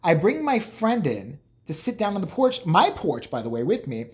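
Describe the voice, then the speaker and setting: A man's voice: sits high, huge pitch swings, moderate pace, darkish tone. A man vlogging casually, telling rambling, profane, joking stories about his family. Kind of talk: casual storytelling.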